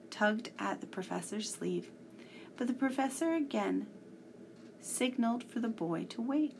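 A woman reading a children's story aloud, measured and sometimes hushed. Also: medium pitch, slight background noise.

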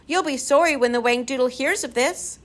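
A woman's voice: on the high side, sing-song, moderate pace, fairly bright tone, pitched above the performer's own voice. A woman voicing a pack of spiteful, bratty swamp creatures who jeer and whine in a storybook reading. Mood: whining pleas. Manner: jeering, whining, wheedling.

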